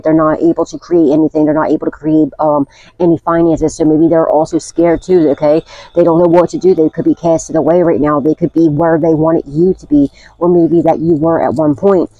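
A woman's voice: low-pitched, steady tone, brisk, no echo, muffled recording. A woman doing a casual spiritual tarot reading, chatty and blunt, swearing freely and often asking "okay?". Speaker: tarot reader.

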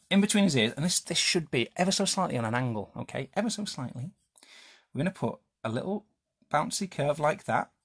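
Playful man teaching kids to draw. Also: medium pitch. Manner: chatty, playful, asks kids questions, makes sound effects. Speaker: children's drawing teacher. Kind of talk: live drawing lesson for kids.

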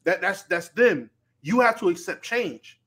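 A man's voice: sits high, lively intonation, unhurried, a bit bright. A man co-hosting a podcast, arguing his point emphatically in slangy, casual talk. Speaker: podcast co-host. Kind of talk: casual debate chat.

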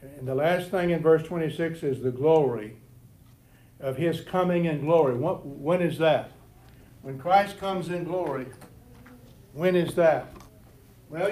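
A man with a somewhat high, mellow voice teaches a Bible lesson to his church class, with slight background noise audible. The Sunday school teacher, standing before the group in the classroom, frequently restarts and repeats words, and says he's stuttered all his life.

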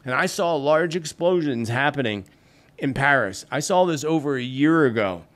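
A man's voice: mid-range voice, animated, moderate pace, a bit bright. Guy doing psychic predictions to camera, earnest, keeps saying friends, medium voice. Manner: earnest, addresses listeners as "friends". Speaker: psychic host. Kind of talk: solo predictions talk to camera.

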